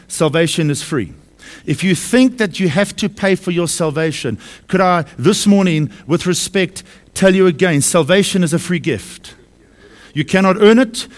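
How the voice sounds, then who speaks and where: Male pastor, slightly raised pitch, emphatic sermon delivery with repeated lines and rhetorical questions. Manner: emphatic, repeats key phrases and asks the congregation questions. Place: church service.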